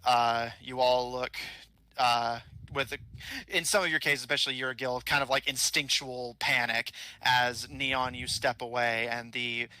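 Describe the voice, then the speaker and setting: A man's voice: medium pitch, fairly even intonation, a little slow, sharp tone, clear, resonant tone, dry recording. A man narrating a tabletop game as game master, rambling along with many ums and uhs.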